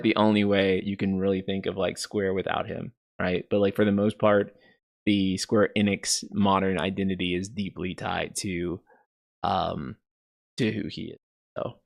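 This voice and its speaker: A man in his thirties talks casually to his stream chat, with a low voice and a gravelly rasp. He rambles along, filling his sentences with "you know" and "like". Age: 30s. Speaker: streamer host. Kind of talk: casual livestream commentary.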